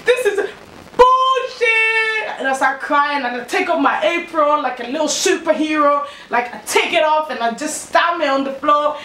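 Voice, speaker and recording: A young woman tells a storytime vlog, slangy and animated, her fairly high voice sitting a little back from the mic. The room is echoey, with a faint hum of ambience behind her. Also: moderate pace, few pauses, far from the mic. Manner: animated, slangy, laughs while telling. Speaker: vlogger.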